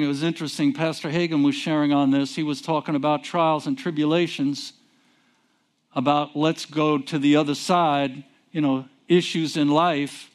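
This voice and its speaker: Guy preaching slow, kinda higher voice, keeps asking "what?" and answering himself. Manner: call-and-response questions, drawn-out emphasis. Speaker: pastor. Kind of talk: sermon.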